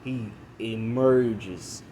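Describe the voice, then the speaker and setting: A man's voice: mid-range voice, drawn-out words, warm tone, slight background noise, rough recording. A young man casually retelling a fan story in a hesitant way, full of fillers. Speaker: video creator.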